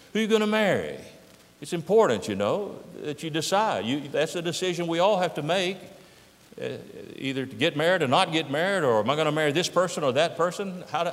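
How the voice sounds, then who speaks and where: Older preacher in an echoing hall. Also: male voice, a little high. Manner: emphatic, rhetorical questions. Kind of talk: sermon. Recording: echoey hall.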